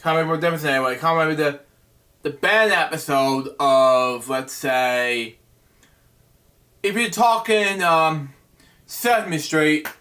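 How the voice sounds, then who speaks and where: A man hosting a bedtime story show, reading a picture book aloud in a halting way, stumbling over words and breaking off with asides. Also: a little high, sharp tone. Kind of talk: casual read-aloud with asides.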